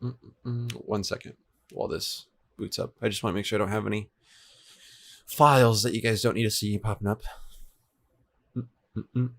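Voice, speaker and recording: Casual and easygoing, a young man in his twenties answers his livestream chat while building a game server. His voice is lowish, gravelly and steady, fairly quick, with frequent pauses. He's in a home room with the air conditioner on, swapping between two desk mics.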